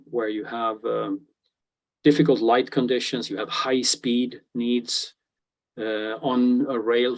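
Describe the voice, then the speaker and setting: Gravelly man presenting a technical webinar. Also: mid-range voice, rough recording. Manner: halting, frequent "uh" fillers and restarts. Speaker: product presenter.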